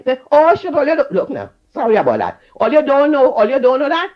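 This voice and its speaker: Rapid-fire and barely pausing, a high, sing-song voice delivers an impassioned call-in rant in a Trinidadian accent. The caller scolds fervently and repeats phrases, and the line sounds dull and lo-fi.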